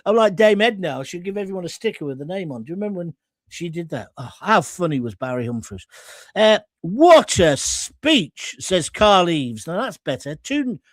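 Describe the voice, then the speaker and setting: A blunt, combative man hosts a live talk show, reading viewer comments aloud with jokes between them. His voice sits high and swings widely up and down. The sound is dry and close, with no room echo. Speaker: host.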